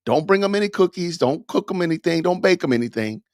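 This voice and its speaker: A man from Atlanta hosts a podcast, commenting on a news clip with emphatic, scolding remarks in a preacher-like cadence. His voice sits high and expressive, moving at a quick pace. The studio recording is clean, with no echo.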